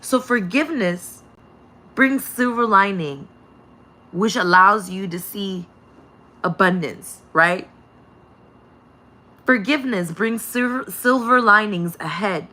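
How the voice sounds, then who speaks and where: A woman's voice: mid-range voice, bright, forceful tone. A woman giving a casual spiritual message to her viewers, rambling and repeating herself, laughing often and swearing freely. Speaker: spiritual channel reader.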